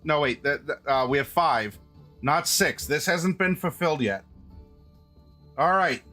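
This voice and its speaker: Chatty high-voiced man streaming live. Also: animated, unhurried, bright, forceful tone, faint music behind. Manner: chatty, restarts often, addresses chat directly. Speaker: streamer host. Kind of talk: casual live-stream chat.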